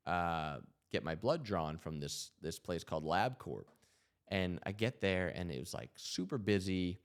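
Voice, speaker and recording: A man's voice: low-pitched, smooth. A man in his thirties hosting a podcast, telling stories in an earnest, reflective way, with many fillers. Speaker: podcast host. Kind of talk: casual podcast storytelling.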